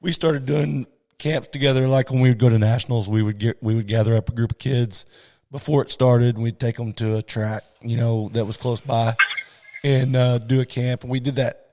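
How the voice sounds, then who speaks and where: A man hosting a podcast, hoarse and enthusiastic, chatting with his guest. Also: medium pitch, steady tone, moderate pace, mellow, in a large hall. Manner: enthusiastic, chatty, says "that's awesome" often. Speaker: podcast host. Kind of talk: casual interview chat.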